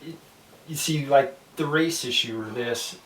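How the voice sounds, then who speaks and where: A man speaking as a podcast guest, reflective and unhurried, often restarting his sentences. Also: mid-range voice, a bit bright, roomy sound, far from the mic, a little hiss or hum, poor audio. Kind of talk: casual chat.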